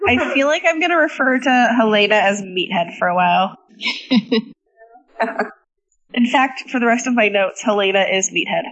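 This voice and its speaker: A woman co-hosting a casual chat, animated, swearing freely and laughing often. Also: mid-range voice, normal speed, pauses often, lo-fi sound. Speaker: podcast co-host.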